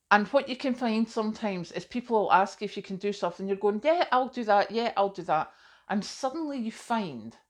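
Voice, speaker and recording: A middle-aged woman, chatting casually to camera as a vlogger, self-deprecating and full of asides. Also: medium pitch.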